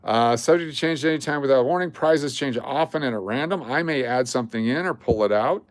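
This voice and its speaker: A man's voice: mid-range voice, brisk, no echo. A man hosting a casual livestream, talking to his chat in a blunt, joking, rambling way. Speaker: livestream host.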